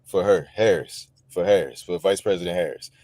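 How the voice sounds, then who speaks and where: A man's voice: deep voice, fairly quick, dark tone, dry recording. A man in casual podcast chat, explaining and defending his view, often repeating words as he starts.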